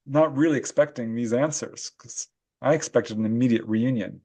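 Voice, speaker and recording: A man of middle pitch tells his stories as a podcast guest. He is animated and laughs often as he speaks, with a relaxed conversational flow. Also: normal speed. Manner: animated storyteller who laughs often while recounting experiences. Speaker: guest, paranormal researcher and author. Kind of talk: casual interview storytelling.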